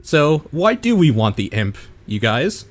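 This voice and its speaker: A man's voice: fairly high pitch, very animated, unhurried. A man playing a tabletop game, chatting casually and laughing often. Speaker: player.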